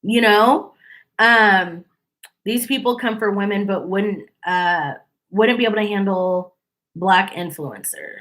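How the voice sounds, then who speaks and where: A young adult woman hosting a casual commentary channel, chatty and animated, mimicking people as she quotes them. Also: mid-range voice, slow.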